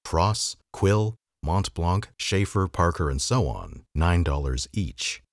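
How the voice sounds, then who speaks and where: A man's voice: low-pitched, animated, slow pace, no room sound. A man hosting a podcast, reading an old magazine article aloud with a dry, wry delivery. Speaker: podcast host.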